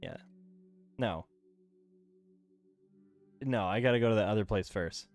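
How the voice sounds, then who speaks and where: At home, a man streams a video game and chats in a playful, rambling, casual way. His voice is fairly low and his pace unhurried, with faint music playing behind him.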